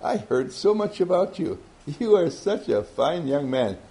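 A man's voice: a little high, sing-song, unhurried, mellow, voice pushed up. A man doing a gushing female secretary.

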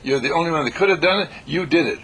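A man's voice: fairly high pitch, fast talker, fairly bright tone, slightly rough, voice pushed up, poor audio. A man acting out a blunt male attorney who insists that his client is guilty. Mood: accusing. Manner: insistent, accusing.

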